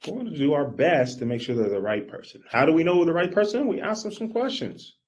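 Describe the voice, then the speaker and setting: A man giving a live coaching workshop, energetic and animated, talking straight to his audience. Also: a little high, brisk. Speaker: business coach.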